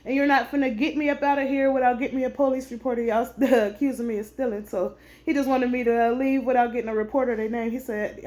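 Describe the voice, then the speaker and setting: A woman's voice: fairly high pitch, fairly even intonation, fast, a little mellow. A woman, a veteran, animatedly recounting a store incident to camera, indignant and often calling her listeners honey. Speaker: veteran vlogger.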